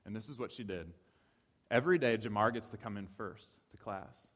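Lowish-voiced guy from ohio preaching, repeats his points, long echo in a big hall. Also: normal speed. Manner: animated storyteller, repeats key phrases. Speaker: speaker. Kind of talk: sermon-style talk. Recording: reverberant hall.

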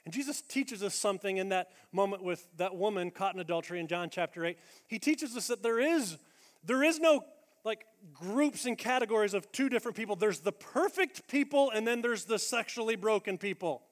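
A man preaching a sermon as pastor, blunt and energetic, swinging between loud emphatic lines and hushed quiet ones. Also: sits high, fairly quick. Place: large church auditorium. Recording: long reverb of a large hall.

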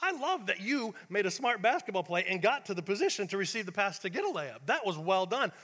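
A man pastor quoting a supportive male youth basketball coach who gives a warm, reassuring pep talk during a sermon. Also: sits high, sing-song, a little fast, long reverb tail, heavily acted. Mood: encouraging.

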